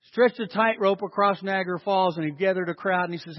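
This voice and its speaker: A man preaching a sermon as a pastor, telling stories and swinging from loud acted-out quotes to hushed, slow emphasis. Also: sits high. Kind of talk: sermon storytelling. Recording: dull sound with long hall reverb.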